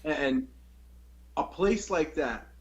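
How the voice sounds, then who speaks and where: A man's voice: sits high, big pitch swings, slow, vocal fry, lo-fi sound. A young man hosting a podcast, telling a long story in a rambling, profane, casual way. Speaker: podcast host.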